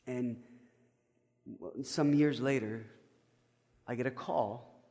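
Storytelling pastor in an echoey church. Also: male voice, medium pitch, fairly even intonation, extremely slow. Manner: conversational, stammering restarts, swings from loud to hushed. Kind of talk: sermon with personal storytelling.

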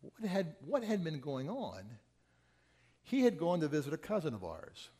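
A man preaching a sermon and telling stories, swinging between loud urgent quotes and quiet asides. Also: on the high side, huge pitch swings, moderate pace, breathy edge, in a large hall. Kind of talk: sermon storytelling.

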